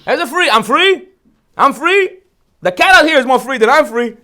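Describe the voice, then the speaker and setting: A man's voice: very high voice, normal speed. A man giving a humorous Torah lecture as a rabbi, telling stories and asking rhetorical questions. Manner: animated storytelling, rhetorical questions. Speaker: rabbi teaching a holiday class.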